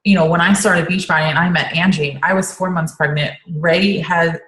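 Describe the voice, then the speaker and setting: A woman's voice: lowish voice, steady tone, normal speed, a bit bright. Woman rambling on a roomy call. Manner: rambling, many fillers and restarts. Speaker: team coach on a group call. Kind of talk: casual team call chat.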